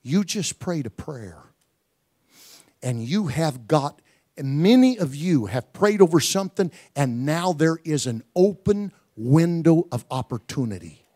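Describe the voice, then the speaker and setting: Man, preacher, sermon storytelling, folksy, repeats words, slightly high voice, builds to shouting. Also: lively intonation, unhurried.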